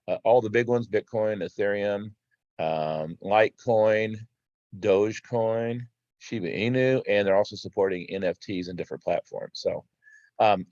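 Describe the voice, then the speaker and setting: A man with a lowish voice gives casual commentary over slides for his crypto channel. He talks in a halting way, often stopping, restarting and filling gaps with "uh". The sound is dry and a little dull, like a modest home mic. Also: darkish tone, no room sound. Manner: halting, with many "uh" fillers and restarts. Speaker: crypto video host.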